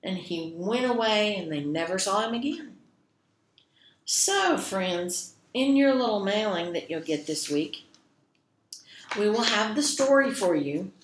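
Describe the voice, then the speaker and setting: A woman librarian telling a children's story, gentle and expressive, speaking directly to the kids. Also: medium pitch, unhurried, slight background noise. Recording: echoey room.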